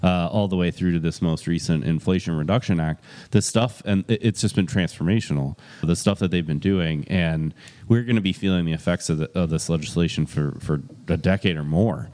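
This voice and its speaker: A man's voice: low-pitched, brisk, a little mellow. A man co-hosting a casual political chat, earnest and building emphasis. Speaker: podcast co-host.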